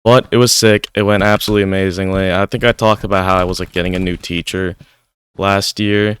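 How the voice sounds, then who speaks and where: Young man, smooth clear voice, casual gaming chat, rambly. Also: low-pitched, level tone, fairly quick, a bit bright, dry recording. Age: young adult. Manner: rambling, heavy use of "like". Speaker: gaming YouTuber. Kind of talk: casual gameplay commentary. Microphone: desk microphone.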